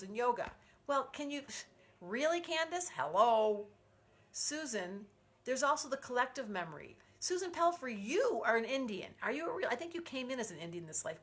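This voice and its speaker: A chatty woman astrologer hosts a live stream, speaking into a phone held at arm's length. She reads viewers' comments aloud and answers each by name, gushing with enthusiasm in a loose, conversational way. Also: medium pitch. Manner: effusive, chatty, warmly reacting to viewers by name. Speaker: astrologer host.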